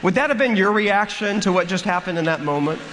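A man preaching a sermon, telling a funny story in an animated way and acting out the characters. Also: high-pitched, brisk. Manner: animated, acts out the story with comic voices. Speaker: pastor. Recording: long hall reverb, faint room noise.

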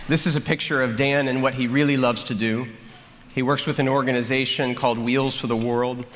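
A man preaching a sermon, telling a funny story in an animated way and acting out the characters. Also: mid-range voice, fairly quick. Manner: animated, acts out the story with comic voices. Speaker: pastor. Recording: long hall reverb, faint room noise.

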